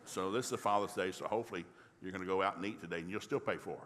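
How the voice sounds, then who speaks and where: An older man, a pastor from the rural South, tells a family story in a folksy, animated sermon. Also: low voice, rapid-fire, big-room sound, background noise. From rural American South.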